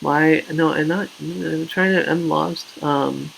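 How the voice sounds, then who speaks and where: A man's voice: on the high side, fairly even intonation, takes it slowly, vocal fry, a bit bright, slight background noise, rough recording. A man hosting a casual game live stream, rambling, joking at his own expense and reading out viewer names.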